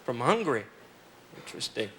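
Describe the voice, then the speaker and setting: A man's voice: mid-range voice, big pitch swings, brisk. A middle-aged man hosting stand-up, bantering with the audience in a teasing, sarcastic way. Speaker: stand-up comedian host. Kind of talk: live stand-up crowd work. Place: comedy club stage with live audience. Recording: loud live crowd laughter and noise. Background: audience laughing.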